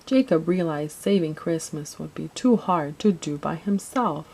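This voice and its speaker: Woman reading a kids christmas story, lowish voice, gentle storybook telling. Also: lively intonation, unhurried, vocal fry, breathy edge, poor audio. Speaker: narrator.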